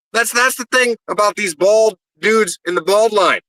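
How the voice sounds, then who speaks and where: A man's voice: high voice, normal speed, few pauses, pushed and bright, low-quality recording. A man, a pro wrestler, cutting a brash, profane promo and rambling and stammering through interview answers.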